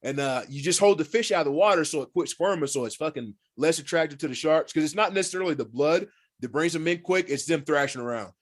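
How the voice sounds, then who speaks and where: A man telling hunting and fishing stories as a podcast guest in casual, animated talk, swearing freely and acting out what people said. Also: fairly high pitch, fast talker. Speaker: podcast guest, former pro football player. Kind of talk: casual storytelling.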